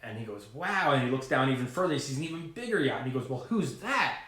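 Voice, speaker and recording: A man vlogging to camera about trading, talking in a rambling, animated way full of fillers and asides. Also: medium pitch, racing, echoey room. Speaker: finance vlogger. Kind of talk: casual talking-to-camera rant.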